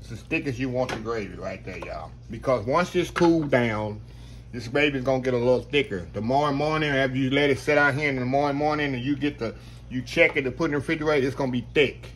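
Man hosting a home cooking show, folksy and chatty, medium pitch, faint kitchen noise behind. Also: fast. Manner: folksy, talks straight to viewers, says y'all constantly. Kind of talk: casual cooking demonstration.

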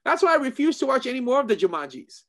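A man with a high-pitched voice chats casually as a co-host, animated and excitable. He tends to repeat phrases as he gets worked up, in the loose tone of a martial arts instructor. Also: fast. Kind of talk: casual chat.

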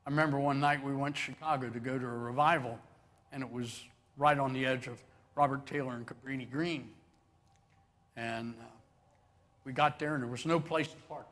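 A man's voice: medium pitch, steady tone, fairly quick, a bit bright. A man preaching a sermon as pastor, telling stories animatedly and acting out the quotes with chuckles. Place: church sanctuary with long reverb.

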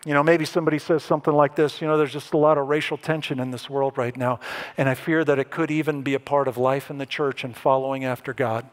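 A man preaching a sermon as pastor, animated and dramatic, acting out the lines he quotes. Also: fast talker. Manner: animated, acts out quoted lines with rising pitch and emphasis.

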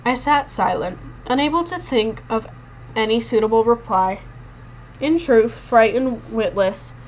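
A woman narrating a novel in the first person, expressive but with occasional stumbles over words. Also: fairly high pitch, measured pace, a little hiss or hum, rough recording. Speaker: audiobook reader.

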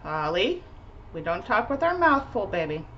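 Chatty laughing woman, lively pitch. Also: normal speed, dull audio, slight background noise. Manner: chatty, laughs often, gently corrects her child. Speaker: art channel host and mother. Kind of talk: casual chat while crafting.

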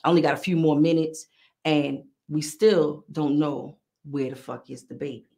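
A middle-aged woman with a New York accent, hosting a podcast and telling a story in a casual, animated, profane way. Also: low voice, normal speed, creaky. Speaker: podcast host.

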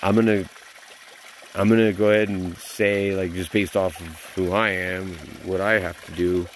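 A man's voice: deep voice, fairly even intonation, normal speed, a little hiss or hum. A man in his forties venting in a bitter, profane vlog monologue. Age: 40s. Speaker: vlogger.

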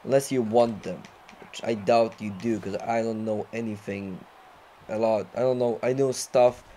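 Frustrated young gamer yelling at the game. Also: male voice, on the low side, fairly even intonation, normal speed, a little hiss or hum. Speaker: gamer recording a playthrough. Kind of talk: live gameplay commentary.

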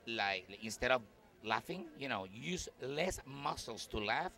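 A middle-aged man with a Puerto Rican Spanish accent, Spanish his first language, chatting in English about his comedy career. His voice is bright and forceful, and his pitch jumps around with excitement. He talks in an expressive, excitable way, as a performer does. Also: a little slow, gravelly. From Puerto Rico. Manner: animated, excitable, lively swings in pitch. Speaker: stand-up comedian and actor. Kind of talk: festival red-carpet interview. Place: busy festival event in New York.

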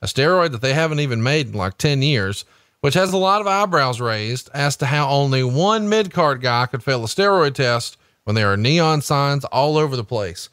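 A man's voice: mid-range voice, expressive, fairly bright tone, no room sound. A man co-hosting a podcast, doing a salesy ad read and then asking questions in a casual way. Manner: salesy and emphatic, spells out web addresses slowly. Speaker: podcast co-host.

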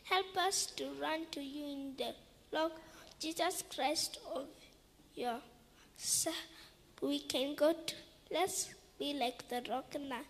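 A woman's voice: high voice, slow pace. A woman leading an earnest prayer at a church children's corner. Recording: echoey church with faint noise.

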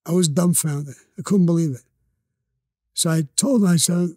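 Older brooklyn guy telling rough stories, cursing a lot, fairly high but mellow voice, dry room. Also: moderate pace, dry recording. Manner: blunt, profane street storytelling. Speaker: interview guest. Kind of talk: storytelling interview.

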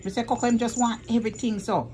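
A woman's voice: a little high, fairly even intonation, quick pace, dark tone, slight background noise. A woman, vlogging as she coaxes her cats to play in a sing-song, repetitive way. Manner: coaxing, sing-song, repeats commands. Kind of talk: casual talk to her cats.

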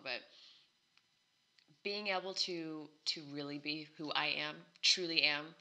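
A woman's voice: low voice, sharp tone. A woman guest on a podcast, chatting casually and affirming, laughing easily. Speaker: guest actress. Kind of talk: casual interview chat.

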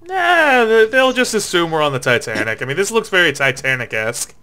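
A young man's bright, edgy voice rides slightly high as he jokes with friends over a game. He laughs easily and breaks into excited outbursts when things go wrong on screen. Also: a little fast, clear, resonant tone. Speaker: gamer. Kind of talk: casual gaming chat.

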